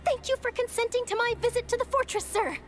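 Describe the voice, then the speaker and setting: An actress playing an eager, chatty young female journalist in a video game, speaking brightly. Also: extremely high pitch, quick pace. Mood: upbeat. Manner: bright, lively, flattering.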